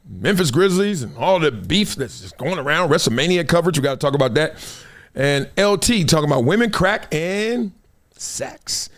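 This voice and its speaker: A man hosting a live stream, talking in an animated, emphatic storytelling way. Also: a little high. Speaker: show host.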